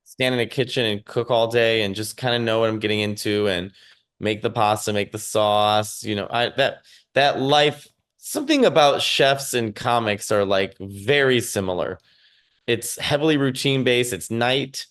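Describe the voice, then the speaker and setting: A man's voice: medium pitch, moderate pace, a bit bright, smooth. A man with a Chicago accent, a comedian talking casually in an interview from home over a remote call, rambling with lots of fillers and restarts. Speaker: stand-up comedian, guest.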